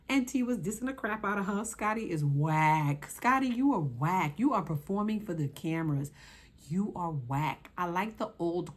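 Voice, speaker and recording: A young woman hosting her channel and reviewing a reality show in casual, sassy talk, exclaiming and scolding the cast directly. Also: mid-range voice.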